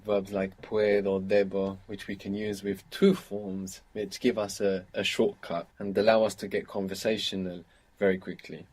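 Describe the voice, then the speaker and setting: A man's voice: fairly low pitch, level tone, normal speed, darkish tone. A man teaching a spoken language lesson, patiently drilling phrases step by step with his students.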